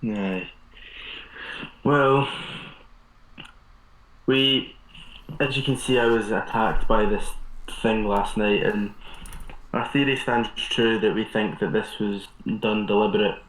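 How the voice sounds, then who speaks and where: A man's voice: on the low side, fairly even intonation, slow, long pauses, a bit bright, roomy sound, poor audio. A man playing a tabletop game, speaking hesitantly with many fillers. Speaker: player. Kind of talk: in-character tabletop play.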